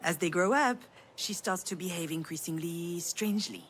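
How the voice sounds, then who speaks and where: A woman's voice: lowish voice, moderate pace, slight background noise, lightly acted. A woman voicing a wistful tired mother. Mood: dry. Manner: soft, intimate storytelling. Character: middle-aged mother, wistful and weary. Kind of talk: game voice acting.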